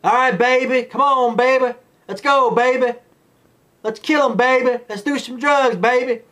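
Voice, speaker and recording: A man's voice: extremely high pitch, measured pace, pushed and bright, pitched above the performer's own voice, heavily acted. A man mocking a brash, drug-using female undercover agent in a sing-song voice.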